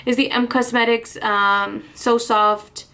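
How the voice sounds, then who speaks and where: A woman's voice: fairly high pitch, flat delivery, takes it slowly, pushed and bright. A woman chatting casually through a get-ready-with-me makeup vlog, rambling with restarts and small laughs, a little out of breath. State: slightly out of breath. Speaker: beauty vlogger.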